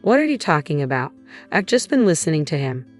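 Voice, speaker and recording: A woman narrator voicing a calm, manipulative middle-aged man posing as a counselor. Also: low voice, brisk, faint music behind. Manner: calm, smooth explaining.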